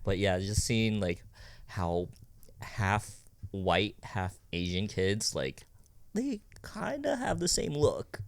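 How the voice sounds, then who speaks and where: A man's voice: fairly low pitch, sing-song, slow pace, no room sound. A man co-hosting a podcast in casual chat, loose and rambling, laughing often. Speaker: podcast co-host.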